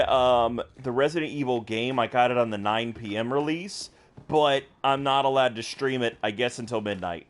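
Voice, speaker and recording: A young American man streaming a game, chatting casually and rambling with lots of fillers and restarts. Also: mid-range voice. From United States. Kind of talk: casual gameplay chat.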